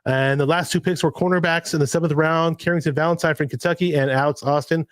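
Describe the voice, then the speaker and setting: A man hosting a casual football chat over a video call, excited and rambling. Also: on the high side, fast, no room sound. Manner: excited, rambling, laughs often. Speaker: host.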